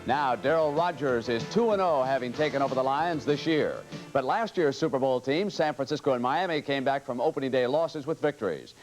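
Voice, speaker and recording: A man delivering a brisk, authoritative network sports news update. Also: medium pitch, rough recording.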